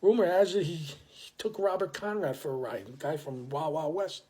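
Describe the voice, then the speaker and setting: A man's voice: fairly high pitch, normal speed, dark tone, husky. A man quoting a blunt older male gambler from the neighborhood, matter-of-fact in his everyday voice. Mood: warning.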